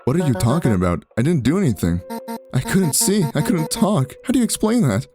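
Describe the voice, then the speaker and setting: A man voicing an angry, frightened young woman who shouts accusations at her sister. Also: very animated, fast, natural voice. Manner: shrill, accusing, rising. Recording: background music.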